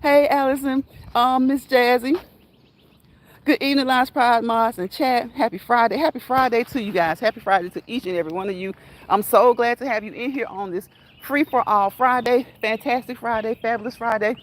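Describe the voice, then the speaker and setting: A woman's voice: on the high side, steady tone, fairly quick. A woman hosting a casual livestream, reading chat comments aloud and laughing often until she cries. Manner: laughs often until crying, talks straight to viewers.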